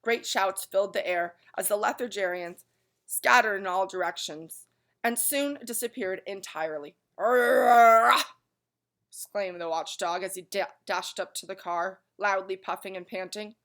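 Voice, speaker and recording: A woman reading a children's chapter book aloud in an animated way, pausing for friendly asides to listeners. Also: medium pitch. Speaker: story reader.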